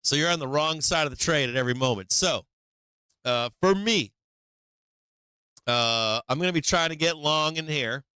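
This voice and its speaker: Host: man, bright, crisp voice, profane and animated, live trading commentary, dry close mic. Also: fairly high pitch, normal speed, long pauses, dry recording. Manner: profane, animated, laughs often, acts out the market. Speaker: livestream trading show host.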